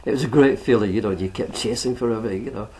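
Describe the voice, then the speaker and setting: A man's voice: medium pitch, fast, mellow. An older man, a former footballer, casually telling a match story and often adding "you know". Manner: chatty, peppered with "you know". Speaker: retired footballer. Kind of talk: reminiscing oral history.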